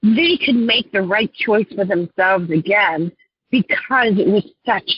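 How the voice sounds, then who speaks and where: A woman life coach, a guest on an interview show, telling her clients' stories in an earnest, heartfelt way and often clearing her throat. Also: medium pitch, measured pace, dry recording, dull audio.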